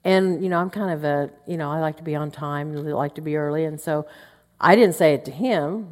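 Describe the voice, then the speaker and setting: A woman's voice: deep voice, moderate pace, a little mellow. A middle-aged woman teaching a women's Bible study, earnest and chatty, acting out muttered asides under her breath. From Oklahoma. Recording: long hall reverb.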